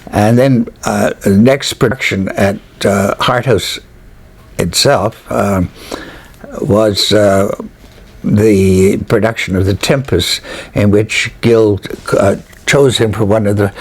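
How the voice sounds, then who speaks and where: A man's voice: on the low side, takes it slowly, slightly rough. Older man reminiscing with many hesitations. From Canada. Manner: hesitant, many fillers, animated recollection. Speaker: interviewee, retired theatre critic. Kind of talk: reminiscing interview answers.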